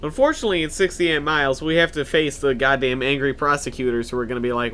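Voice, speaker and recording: Sharp-voiced young man grumbling through a game. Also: mid-range voice, fast, hardly any pauses, a little hiss or hum. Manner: sarcastic, profane, grumbling. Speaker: gaming video host. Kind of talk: let's play commentary.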